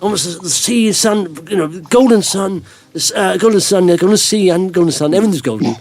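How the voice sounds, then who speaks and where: Fast-talking man, chatty host. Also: high voice, expressive, a little mellow. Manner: rambling, anecdotal, chuckling often. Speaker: podcast host. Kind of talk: casual podcast chat.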